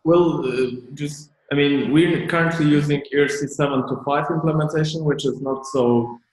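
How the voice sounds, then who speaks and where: A man's voice: on the high side, steady tone, normal speed, a little mellow. A man on a video call raising a technical question, hesitant, with many "uh"s and restarts. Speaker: developer on a community call. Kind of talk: technical discussion. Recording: echoey room on a video call.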